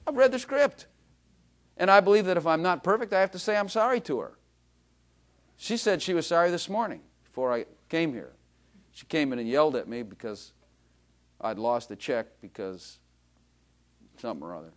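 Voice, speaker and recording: A man's voice: fairly high pitch, normal speed, pauses often. A man preaching a sermon, telling jokey stories about himself and calling out to the congregation. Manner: animated, joking storytelling with the congregation. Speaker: pastor.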